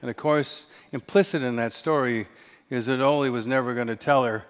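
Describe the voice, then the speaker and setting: A man's voice: medium pitch, fairly even intonation, brisk, clean tone. A man in his sixties preaching a sermon, telling stories with acted-out whispers and dry humor. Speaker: pastor. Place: large church sanctuary. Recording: reverberant church hall.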